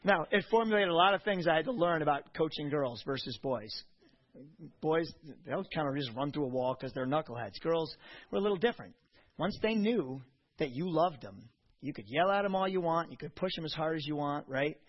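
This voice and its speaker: Husky-voiced preacher with a lively pitch. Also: male voice, fairly quick. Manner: passionate preaching with quiet-to-loud swings; anecdotal storytelling. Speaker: pastor. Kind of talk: sermon. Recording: dull lo-fi recording.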